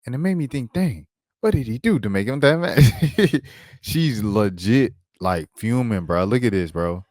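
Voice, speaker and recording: A man giving a casual basketball recap on his vlog, animated and slangy, talking while he pulls up clips. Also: mid-range voice, measured pace, no echo, clean studio sound. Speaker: basketball commentator and vlogger.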